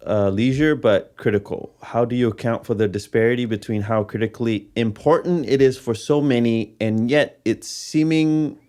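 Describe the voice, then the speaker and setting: A young man co-hosting a podcast, speaking in a relaxed way with hesitant fillers, reading out a listener's question. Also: on the low side. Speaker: podcast co-host. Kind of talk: casual podcast chat.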